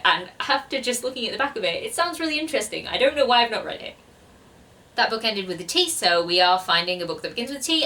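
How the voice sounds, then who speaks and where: A woman's voice: on the low side, pushed and bright, far from the mic, a little hiss or hum. A woman chatting casually to camera about books on her shelves, rambling and self-deprecating. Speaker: BookTuber. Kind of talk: casual book chat to camera.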